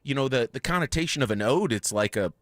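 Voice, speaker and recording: Excitable man hosting sports radio. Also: mid-range voice, quick pace, dry recording, clean studio sound. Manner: excitable, reads listener texts aloud. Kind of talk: casual sports radio chat. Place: radio studio. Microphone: studio microphone.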